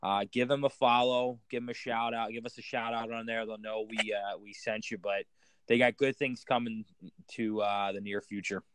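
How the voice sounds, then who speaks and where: An easygoing man on a casual podcast who talks in a halting way, pausing on ums and restarting his sentences. His mid-pitched voice is recorded dry and close. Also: level tone, a bit bright, smooth, no echo. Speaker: podcast co-host.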